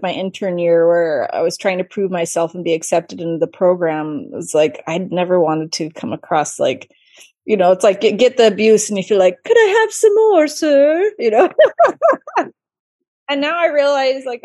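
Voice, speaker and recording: A woman in her late thirties, a physician guest in a casual interview, telling stories with lively acted-out quotes. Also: fairly low pitch. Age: late 30s. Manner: lively storyteller who acts out quoted voices.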